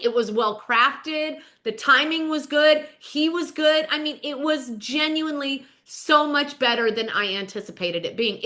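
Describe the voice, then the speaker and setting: A woman's voice: a little high, sharp tone. A middle-aged woman hosting a podcast, telling a story in a chatty, emphatic way and often calling out to her listeners. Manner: chatty, emphatic, addresses listeners as "you guys". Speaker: podcast host. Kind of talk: casual storytelling commentary.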